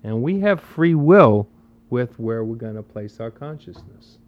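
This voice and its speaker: A man of middle pitch gives a spiritual talk in a casual, emphatic manner. He drives his points home with repeated phrases and rhetorical questions. The recording sounds dull and lo-fi. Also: expressive, measured pace, slight background noise. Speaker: spiritual teacher.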